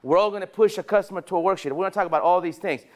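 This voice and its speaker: A man leading a sales training session at a dealership, energetic and rallying, firing questions at the staff in the room. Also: high voice, very fast.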